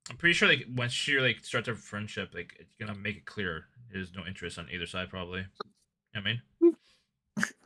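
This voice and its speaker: Guy with a sharp bright voice on a stream, kinda defensive, keeps stumbling. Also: sits low, fairly quick. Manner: defensive, hesitant, repeats himself. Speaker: stream guest. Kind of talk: casual chat.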